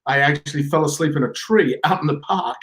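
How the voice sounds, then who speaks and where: A man's voice: a little high, a little fast, fairly bright tone. A man co-hosting a casual live stream, joking around and laughing often. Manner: joking, playful, breaks into silly voices and laughter. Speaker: co-host.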